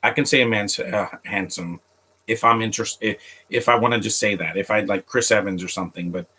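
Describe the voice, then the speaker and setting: Rambling man with a bright, lowish voice. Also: brisk, breathy edge. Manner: rambling, stumbles and restarts often; chats directly to viewers. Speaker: streamer reacting to a film. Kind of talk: casual live commentary.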